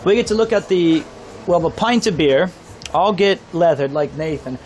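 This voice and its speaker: A man from Kansas telling excited stories while live streaming outdoors by a pub, swearing freely. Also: on the high side, moderate pace, a crowd in the background. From Kansas, USA. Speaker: IRL streamer. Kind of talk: casual live stream storytelling. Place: outdoors on a town street by a pub.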